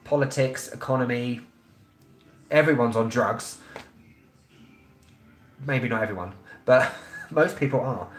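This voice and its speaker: A man in his thirties with a London accent, chatting bluntly and loosely on a travel live stream, pausing often with ums. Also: medium pitch, reverberant, rough recording. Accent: London English. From England. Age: 30s. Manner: rambling and blunt, heavy with ums. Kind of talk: casual live-stream chat.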